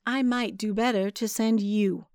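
A woman voicing a cold, commanding old witch who speaks low, soft and menacing. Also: steady tone, unhurried, dry recording, clean studio sound, close to an everyday voice.

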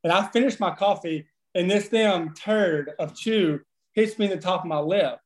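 A man in his thirties swaps profane baseball stories in a loose, animated way, often breaking into laughter. His voice sits fairly high for a man. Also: moderate pace. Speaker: former baseball player, podcast guest. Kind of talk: casual storytelling chat.

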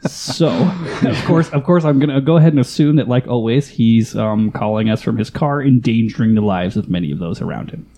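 A man's voice: mid-range voice, a little fast, few pauses, mellow. A man hosting a podcast, wry and rambling, often laughing at his own jokes. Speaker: podcast host. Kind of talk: casual podcast banter.

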